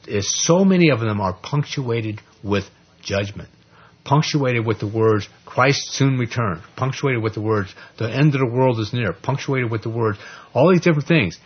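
A husky-voiced man gives a loose, chatty sermon, leaning on "you know" and "okay?" as he walks listeners through scripture. His voice comes through a dull, muffled lo-fi recording, and he keeps the delivery lively and animated. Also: medium pitch. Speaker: lay Bible teacher. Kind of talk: informal Bible study sermon.

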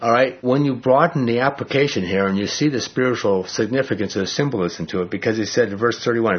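A man's voice: medium pitch, expressive, a little fast, husky, dull audio. Man teaching a casual Bible sermon. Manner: conversational, folksy asides and frequent "all right?" checks. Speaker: pastor.

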